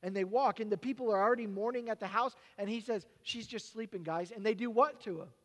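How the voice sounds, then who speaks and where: Male pastor preaching, high voice, lively then quiet and halting, echoing hall. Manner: animated storytelling, dropping to quiet, halting personal reflection. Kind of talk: sermon. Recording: long hall reverb.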